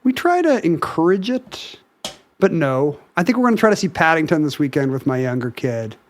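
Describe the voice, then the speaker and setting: A man's voice: on the high side, big pitch swings, normal speed. A man co-hosting a podcast in casual chat, joking and explaining at length. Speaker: podcast co-host.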